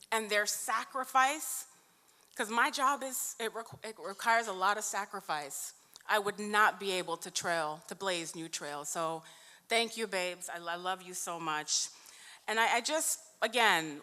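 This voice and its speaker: A woman's voice: medium pitch, pushed and bright. A woman from New York giving an emphatic, heartfelt award acceptance speech in a large event hall. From New York, USA. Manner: emphatic and heartfelt, stretching key words. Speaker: award honoree and union vice president. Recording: echoey hall.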